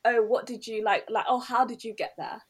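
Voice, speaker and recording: A woman's voice: fairly high pitch, fairly quick, breathy edge. A young woman telling a story in casual chat, acting out the quotes with lots of restarts. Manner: animated storyteller, acts out quotes, many restarts.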